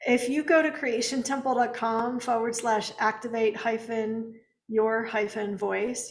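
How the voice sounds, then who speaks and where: A woman co-hosting a casual spiritual livestream from home, earnest and gentle with soft laughs, sounding tired. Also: fairly high pitch, roomy sound. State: tired, yawning. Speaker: co-host.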